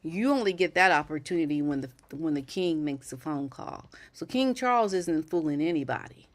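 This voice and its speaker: A woman's voice: sits low, animated, moderate pace. A woman hosting a casual commentary livestream, chatting with viewers in the chat and often checking in with "okay?". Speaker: livestream host.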